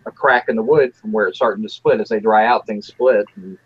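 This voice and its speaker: A man hosting a casual chat show, talking in a relaxed, joking way and often restarting his sentences. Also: fairly low pitch, fairly quick, husky, dry recording, muffled recording. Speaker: podcast host.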